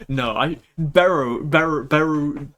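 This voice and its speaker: A young man chatting on a live stream, excitable, giggly and stammering as he talks. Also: mid-range voice, normal speed. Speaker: VTuber streamer. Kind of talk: casual live-stream chat.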